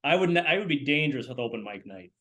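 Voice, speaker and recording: Man moderator on a video-call mic, relaxed, chuckles easily. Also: medium pitch, quick pace. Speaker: co-host, moderator.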